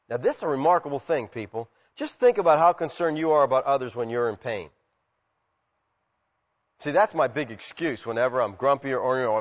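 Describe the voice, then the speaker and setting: A man preaching a sermon, animated, acting out quotes and swinging from loud shouts to quiet asides. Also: medium pitch, brisk. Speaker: pastor. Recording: muffled sound with long hall reverb.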